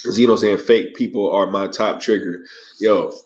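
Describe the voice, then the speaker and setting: A man in a relaxed live-stream chat, his voice sitting low in pitch. He reads out viewer comments and answers them in loose, slangy talk, often tagging "yo" onto his lines. The stream audio is dull and lo-fi. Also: moderate pace. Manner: laid-back slangy talk, frequent "yo" and "right?".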